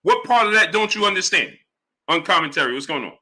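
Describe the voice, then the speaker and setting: Bright-voiced exasperated male stream host. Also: expressive, fast talker. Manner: exasperated, rhetorical, repeats himself; drops to low mutter greeting chatters. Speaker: sports livestream host. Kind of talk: live stream commentary, reading chat.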